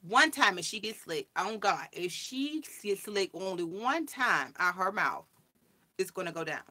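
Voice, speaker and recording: A woman vlogger telling a story in casual chat, animated and acting out the voices of the people she quotes. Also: mid-range voice, measured pace.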